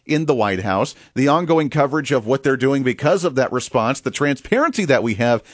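Animated male political commentary host. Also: mid-range voice, a little fast, dry recording, studio quality. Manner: animated, mocking, laughs often. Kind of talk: opinion commentary.

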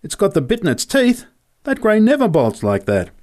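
A man voicing Joe, an excitable young country boy who exclaims in an urgent, breathless way. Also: high voice, normal speed, voice pushed up. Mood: alarmed.

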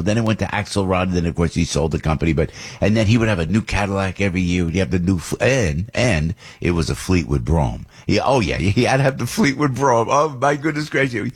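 An older man, hosting a talk radio show in an animated, rambling way with big jumps up in pitch. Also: fast talker, hardly any pauses, breathy edge. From New Jersey. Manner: rambling and nostalgic.

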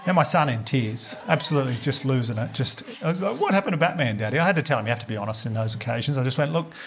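An Australian man telling a stand-up comedy story, animated and swearing, jumping up in pitch to act out the voices of other people. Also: quick pace, gravelly. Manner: animated, swearing, acts out quoted voices with big jumps up in pitch.

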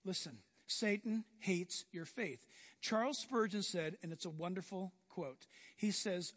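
A man preaching a sermon in an animated way, acting out scenes from the reading. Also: high-pitched, measured pace, in a large hall. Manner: animated, acts out biblical scenes in voices.

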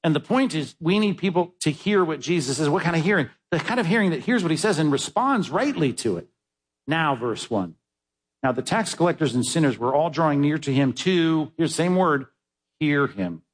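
Emphatic husky-voiced male preacher. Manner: emphatic, swings between loud high stresses and low quiet asides. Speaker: pastor. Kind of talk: sermon.

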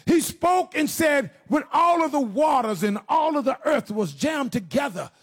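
A man preaching a sermon, questioning his listeners directly and swinging from low, slow passages into shouted, sing-song preaching. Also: sing-song. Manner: addresses the congregation with direct questions.

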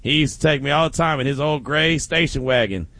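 Man, sports talk host, casual storyteller, laughs often, higher voice, dry close sound. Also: brisk, no room sound. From Oakland. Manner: animated storytelling with frequent laughs.

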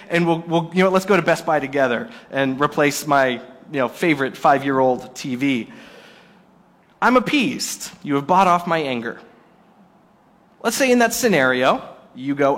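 A man preaching a Sunday sermon in church, telling a story with lively shifts in tone. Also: a little high, normal speed, long reverb tail. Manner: animated storytelling, acting out scenes in quotes. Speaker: pastor. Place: church service before a congregation.

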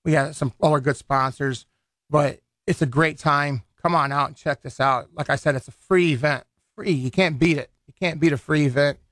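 A man with a slightly higher-than-usual voice talks loosely as a guest in a radio studio, circling back and restarting his sentences. His voice sits dry and close on the studio microphone, with no room sound around it. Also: steady tone, normal speed, fairly bright tone, no room sound. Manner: rambling, loose, many restarts and fillers. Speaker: boxing event organizer. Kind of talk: casual radio interview.

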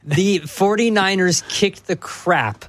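Man, fairly high voice, sports radio co-host, emphatic, blunt, dry studio sound. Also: takes it slowly, a bit bright, no room sound. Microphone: studio mic.

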